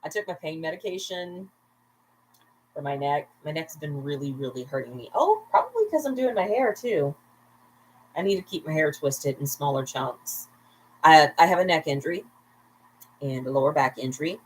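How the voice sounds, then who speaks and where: A woman's voice: low voice, animated, normal speed, slight background noise, rough recording. A tipsy woman at home at bedtime, hosting a casual livestream where she rambles, laughs often and makes chatty asides to her viewers. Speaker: vlogger, livestream host.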